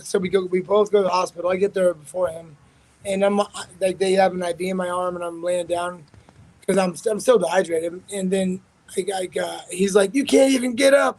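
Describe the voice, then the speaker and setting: A man's voice: sits high, a little mellow, rough recording. A man, a fighter being interviewed, telling a story in a rambling, profane way with many restarts. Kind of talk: casual storytelling.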